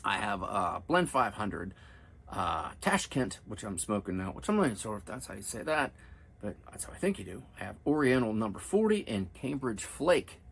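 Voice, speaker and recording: A man's voice: lowish voice, sing-song, moderate pace, gravelly, fairly bright tone, husky. A middle-aged man hosting a pipe-smoking video, chatting casually at home in a rambling, self-deprecating way. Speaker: pipe-smoking channel host. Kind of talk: casual chat to camera. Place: home, downstairs room with family upstairs.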